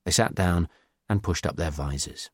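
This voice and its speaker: A man reading a novel aloud in measured, descriptive scripted narration. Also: low voice, breathy edge, no room sound, studio quality.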